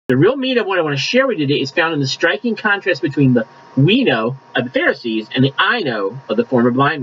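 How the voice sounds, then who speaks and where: A man's voice: medium pitch, muffled recording, slight background noise. A man preaching a conversational sermon, reading scripture aloud and adding asides. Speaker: pastor.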